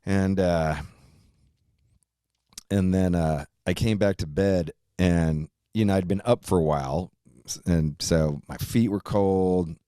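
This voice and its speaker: A deep-voiced man in his fifties hosts a podcast and tells a rambling personal story, full of swearing and frequent laughter. The sound is dry and close, with no room around it. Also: slow, warm tone, clear, resonant tone, no room sound. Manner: rambling, profane, laughs often. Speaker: podcast host. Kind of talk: casual storytelling chat.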